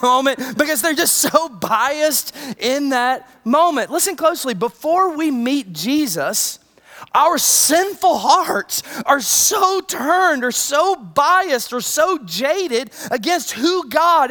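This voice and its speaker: Animated, conversational preacher. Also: high voice. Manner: conversational, animated, with many asides. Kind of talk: sermon.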